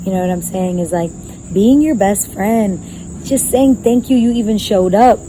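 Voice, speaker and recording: Mellow-voiced woman, passionate guest. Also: medium pitch, unhurried, a little hiss or hum, poor audio. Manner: passionate, acts out her own inner voices, swears freely. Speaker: podcast guest. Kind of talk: casual conversation. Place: outdoors in a gazebo.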